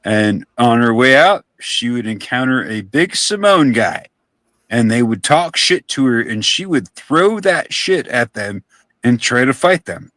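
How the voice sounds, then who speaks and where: A man's voice: medium pitch, very animated, measured pace, fairly bright tone, no room sound. A young man chatting casually on a live stream, telling rambling stories and swearing offhandedly. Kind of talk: casual storytelling chat.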